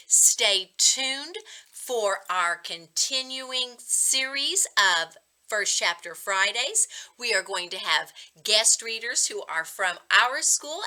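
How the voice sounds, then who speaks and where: A woman school reading coach reading a children's chapter book aloud and addressing students in an expressive, upbeat teacherly way. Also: a little high, low-quality recording. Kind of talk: read-aloud storytime for schoolchildren.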